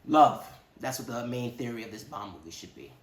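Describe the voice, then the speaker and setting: Animated man rambling through a movie review. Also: medium pitch, brisk, roomy sound. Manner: animated, rambling, slangy asides. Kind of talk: casual spoken movie review.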